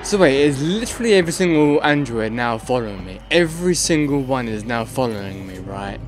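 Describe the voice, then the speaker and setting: A man's voice: medium pitch, animated, a little fast, music in the background. A man hosting a gaming channel, giving let's play commentary in a frantic, swearing way and muttering to himself as he plays.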